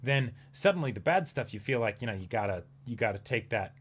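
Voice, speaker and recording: A man's voice: mid-range voice, expressive, fairly quick, fairly bright tone, breathy edge. Reflective man in casual chat. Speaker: co-host of an anime reaction show.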